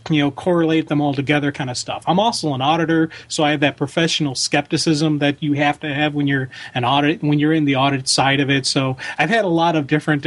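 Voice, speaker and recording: A man co-hosting a fan podcast, talking in a casual, rambling way with lots of fillers and restarts. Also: on the high side. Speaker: podcast co-host. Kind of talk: casual chat.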